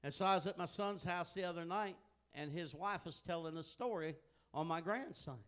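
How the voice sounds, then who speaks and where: An older man preaching a sermon, telling folksy family stories that swing from hushed asides to loud, emphatic peaks. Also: a little high, normal speed, clear, resonant tone. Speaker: pastor.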